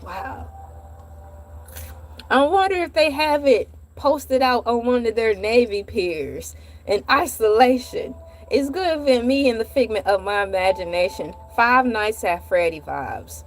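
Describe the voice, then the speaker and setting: A woman hosts a vlog and tells a comic story in an animated, playful manner. She breaks off for dramatic asides, and her voice sits a little high. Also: measured pace, a little hiss or hum. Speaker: vlog host. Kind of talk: comedic storytelling monologue.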